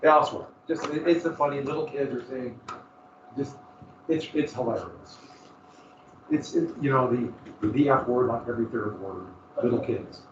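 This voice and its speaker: A man's voice: medium pitch, normal speed, background noise. A male teacher giving a casual, joking class lecture that often wanders into personal stories. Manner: casual, joking, digressive storytelling. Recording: roomy, dull, from a distant mic.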